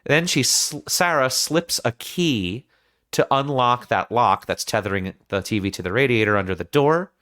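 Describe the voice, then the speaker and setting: A man hosting a film podcast who retells scenes in an animated way and acts out the quotes. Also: medium pitch, moderate pace. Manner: animated storytelling with acted-out quotes. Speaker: podcast host.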